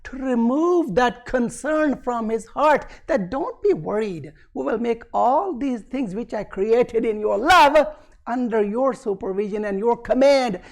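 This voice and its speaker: A man's voice: very high voice, creaky. Man preaching, quoting Arabic then explaining. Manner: quotes Arabic passages then explains in English; asks the audience questions and answers them himself. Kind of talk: sermon. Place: community centre hall.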